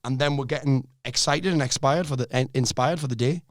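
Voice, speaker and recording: A middle-aged man, a life coach on a podcast, talking in a blunt, energetic way and swearing freely. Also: medium pitch, brisk, no echo, studio quality. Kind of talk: casual podcast conversation.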